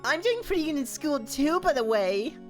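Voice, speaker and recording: A whiny, pleading young girl in a courtroom game, voiced live by a streamer. Her voice sits very high and thin. Faint music plays under the read. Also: very animated, moderate pace. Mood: chirpy. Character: earnest young girl, the defendant's little sister.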